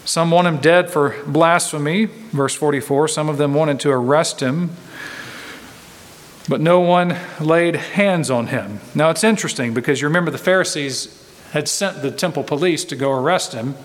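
A man preaching in an earnest, emphatic way, leaning on repetition to drive each point. His voice sits a little higher than most men's. It rings with the long reverb of a large hall. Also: moderate pace. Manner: earnest, emphatic, repeats phrases for stress. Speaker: pastor. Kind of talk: expository sermon.

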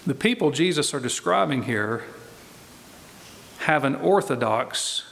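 A man preaching a sermon in a slow, deliberate way, pressing his points with emphatic repetition. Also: mid-range voice, animated, vocal fry, fairly bright tone. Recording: long reverb of a large hall.

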